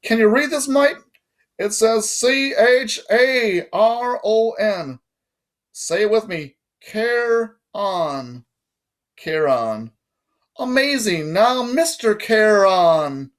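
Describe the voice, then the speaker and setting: A man voicing a sly, cold male ferryman of the dead, speaking smoothly and mockingly with a put-on British accent. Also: high-pitched, lively intonation, very slow, pitched above the performer's own voice, full character voice.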